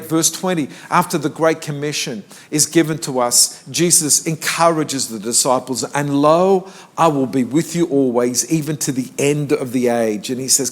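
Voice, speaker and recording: An older male pastor delivers a sermon in a relaxed, conversational way. His voice sits on the higher side for a man. He climbs higher still when he drives a point home. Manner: conversational preaching, rises in pitch for emphasis. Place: church.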